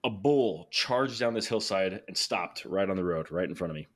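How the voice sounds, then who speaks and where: A man telling a story casually as a podcast guest, animated and excited, laughing and restarting sentences. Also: sits low, moderate pace.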